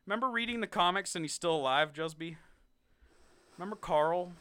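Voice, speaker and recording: A young man co-hosting a podcast, reviewing a ranked list of TV seasons in a sarcastic, animated way with frequent laughs. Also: sits high, fairly quick, clean tone, no room sound, studio quality. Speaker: podcast co-host. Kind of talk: casual ranking review chat.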